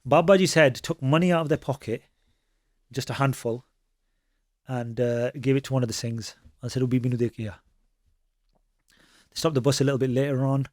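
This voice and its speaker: A Sikh preacher tells stories conversationally, mixing Punjabi phrases into his speech and often restarting. His mid-range voice moves briskly, recorded with studio quality and no echo.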